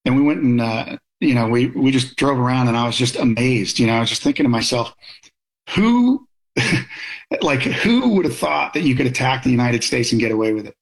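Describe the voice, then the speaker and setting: Man, veteran guest, anecdotal, stop-start delivery, mid-pitched voice. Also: quick pace, gravelly, hardly any pauses, poor audio. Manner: anecdotal, many restarts and fillers. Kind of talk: casual storytelling interview.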